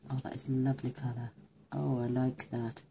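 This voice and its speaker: A woman with a remarkably deep voice and a gravelly edge gushes over her colouring, thinking aloud through a card-making tutorial. A faint hiss sits under her talk. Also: level tone, brisk, dark tone. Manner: gushing, chatty, thinks aloud while colouring. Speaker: craft demonstrator.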